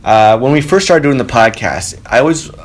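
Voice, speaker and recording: A man hosting his own podcast from a home studio, telling a story casually, animated and swearing freely. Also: mid-range voice, moderate pace. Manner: animated, swearing, quotes people with raised voice. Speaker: podcast host. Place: spare bedroom home studio. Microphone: home studio mic.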